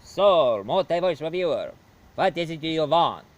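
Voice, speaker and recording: A man's voice: on the high side, lively intonation, measured pace, highs cut off. A man voicing a formal, haughty old male vampire count in a homemade video review.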